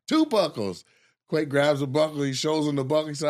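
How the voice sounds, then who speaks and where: A man's voice: a little high, moderate pace, dry recording, clean studio sound. A man hosting a casual chat, telling stories with lots of laughter and profanity. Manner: animated storyteller, laughs often. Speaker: podcast host.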